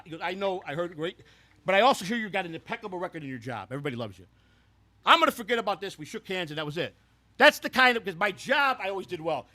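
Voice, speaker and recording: A man's voice: sits high, sharp tone, full character voice. A man playing a brash, foul-mouthed former baseball clubhouse worker who rambles through stories and trips over repeated words. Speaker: host. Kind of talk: scripted comedic character storytelling.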